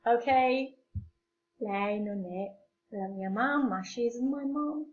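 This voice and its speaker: Slow, patient Italian-accented woman teacher. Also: mid-range voice, slight background noise. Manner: patient, repeats phrases slowly for learners. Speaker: English teacher. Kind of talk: slow classroom explanation mixing English and Italian. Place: at home. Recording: echoey room, dull lo-fi sound.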